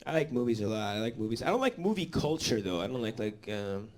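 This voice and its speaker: A man's voice: fairly low pitch, very animated, fast talker. A man performing a live stand-up set in a comedy club, rambling with lots of fillers and swearing.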